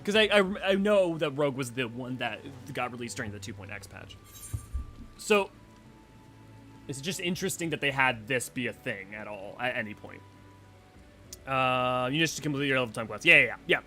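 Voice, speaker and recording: A man's voice: mid-range voice, lively intonation, normal speed, sharp tone, soft background music. A man giving rambling, casual commentary while streaming a game, thinking aloud with many fillers. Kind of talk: casual let's-play commentary.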